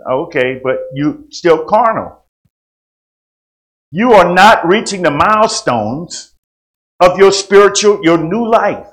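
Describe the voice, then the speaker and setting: Folksy preaching man, higher-pitched. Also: expressive, slow pace, long pauses, low-quality recording. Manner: swings from quiet storytelling to loud preaching; folksy, colloquial speech. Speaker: pastor. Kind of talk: sermon. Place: church.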